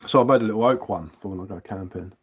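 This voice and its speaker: A man's voice: fairly low pitch, racing, husky, dull audio. A man from England hosting a casual livestream as a woodcarver, rambling bluntly and swearing casually while answering viewers. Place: indoors at home.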